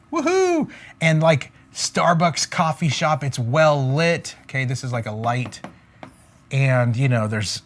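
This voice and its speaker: This man, whose voice is on the high side, teaches business as a motivational coach. He talks emphatically, repeats catchphrases, and keeps checking in with "okay?" while drawing on a board.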